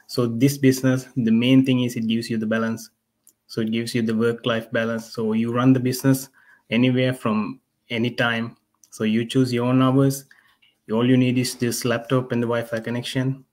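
A man from Sri Lanka speaking as a guest on an online chat, soft-spoken and even. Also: mid-range voice. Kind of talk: casual online talk.

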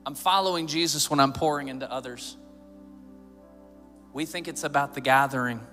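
A man's voice: mid-range voice, moderate pace, sharp tone. Pastor, man, 30s; conversational sermon with jokes, emphatic build-ups; hall reverb, faint music under. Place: church sanctuary.

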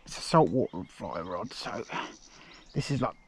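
A man's voice: lowish voice, moderate pace, creaky, slight background noise. Straining man narrating a carp fight. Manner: excited, breathless exclamations, muttered asides. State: straining, arm aching. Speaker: fishing vlogger. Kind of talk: live commentary while fishing. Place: outdoors by a lake.

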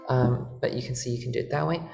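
A man's voice: medium pitch, quick pace, creaky. A man presenting an organ workshop, patiently explaining music theory with fillers and self-corrections. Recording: echoey room with organ playing.

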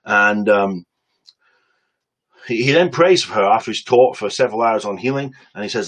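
A man preaching on a webcam stream, telling a story with lively acted-out quotes and quick asides. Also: fairly low pitch, rough recording.

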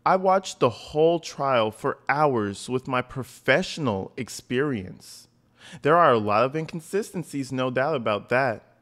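A man reading as a soft pleading woman. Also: medium pitch, natural voice. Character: anxious foreign woman pleading by message.

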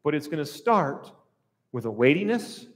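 Pastor guy preaching, high voice, big swings, does little voices for the scenes, echoey church hall. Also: moderate pace. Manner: animated, acts out little scenes in other voices. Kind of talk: sermon. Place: church sanctuary. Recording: reverberant church sanctuary.

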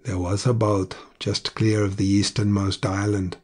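A man reading the part of a soft-spoken, stubborn helmsman who speaks gently but insistently. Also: on the low side, little pitch movement, unhurried.

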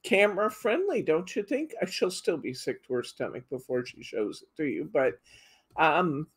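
A middle-aged woman with a deep, husky, expressive voice hosts a live craft demo at a normal speed. She chats casually, reads out viewer comments and laughs often.

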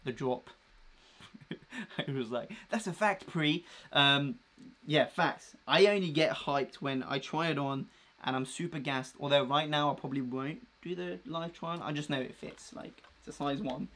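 A man's voice: mid-range voice, normal speed, a bit bright. A young man chatting casually and rambling with slang while unboxing a new clothing order on a live vlog. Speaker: fashion vlogger.

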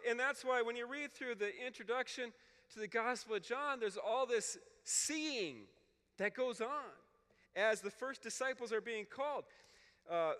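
A man's voice: very high-pitched, pushed and bright, big-room sound. A man giving a teaching talk to clergy, explaining scripture, reading passages aloud and checking in with "okay?". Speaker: Bible scholar speaking at a clergy retreat.

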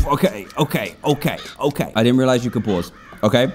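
A young man in his twenties commentating his own gameplay, excitable, exclaiming and groaning at every slip. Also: medium pitch, fairly quick, noisy background. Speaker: gaming YouTuber.

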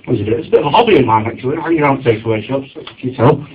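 A man, performing a stand-up routine on a comedy club stage and acting out shouted quotes. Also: medium pitch, racing. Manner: lively storytelling, acts out shouted quotes. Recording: dull lo-fi club recording.

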